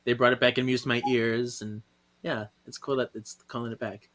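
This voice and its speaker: A man's voice: mid-range voice, flat delivery, fairly quick, crowd noise. A man co-hosting a podcast, recapping a comic with enthusiastic, laugh-filled casual chat. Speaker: podcast co-host.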